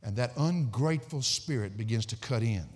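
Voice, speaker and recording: A middle-aged male pastor preaching a sermon, emphatic and swinging from loud sarcastic peaks down to quiet low endings. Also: animated, normal speed. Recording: hall reverb.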